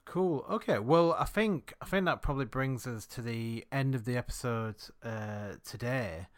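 A man with a Yorkshire accent, co-hosting a casual podcast chat and telling anecdotes that trail off quietly at the ends of phrases. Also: medium pitch, moderate pace. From Yorkshire, England. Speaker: podcast co-host.

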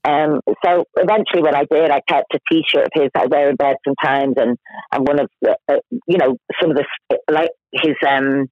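A woman speaking as a podcast guest over the phone, recounting her grief frankly and emotionally, often halting mid-sentence. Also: low-pitched, steady tone, no echo. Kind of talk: candid personal conversation. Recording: tinny dry phone line.

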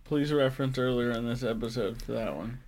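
A man's voice: mid-range voice, a little fast, darkish tone. A man co-hosting a fan podcast, chiming in with wisecracks and banter during a recap. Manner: wisecracking interjections. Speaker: podcast co-host. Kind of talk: casual banter.

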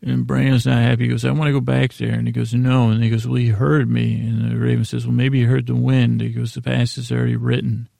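A man with a heavily gravelly voice talks through a TV episode, loosely paraphrasing each scene with plenty of "uh"s. His delivery is flat and dark-toned. The sound is dry and close, like a podcast mic. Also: medium pitch, fast, few pauses, dry recording. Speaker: podcast host recapping an episode. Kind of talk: casual episode recap.

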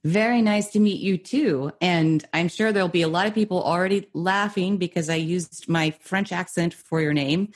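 A woman's voice: lowish voice, moderate pace, few pauses. An American woman hosting an interview podcast, upbeat and enthusiastic. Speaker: podcast host.

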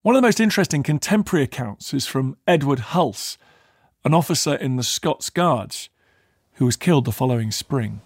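A man giving scripted documentary narration with expressive delivery. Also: medium pitch, normal speed, slightly rough, no room sound, studio quality.

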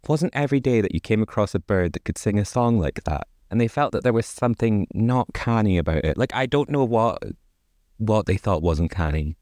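A man's voice: on the low side, expressive, fairly quick, a little mellow, no room sound, clean studio sound. A man hosting a podcast, reading an old fairy tale aloud and breaking off for wry, chatty asides. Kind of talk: casual storytelling with joking asides.

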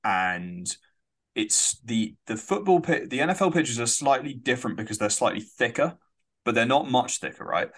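A man's voice: mid-range voice, animated, normal speed, a bit bright. A man, co-hosting a casual sports podcast, chatty and swearing. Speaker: podcast co-host.

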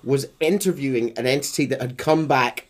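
A man co-hosting a casual podcast, full of quick joking quips. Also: mid-range voice. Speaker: podcast co-host. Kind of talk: casual chat.

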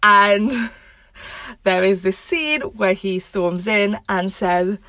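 A woman's voice: medium pitch, very slow, sharp tone, dry recording. A woman hosting a show, giving relationship advice in a direct, analytical and firm way. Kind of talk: explanatory advice commentary.

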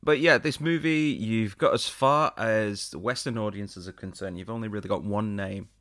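A man with a lowish, fairly bright voice co-hosts a podcast, speaking at a moderate pace with a dry, clean studio sound. He explains and reviews films in a chatty, laid-back way.

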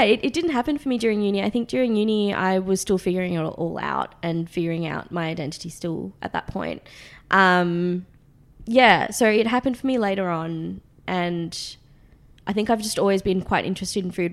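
A woman in her late twenties with an Australian accent, chatting as an interview guest, with frequent ums and light laughter. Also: on the low side. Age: 20s. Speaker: guest, food magazine founder. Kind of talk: casual interview.

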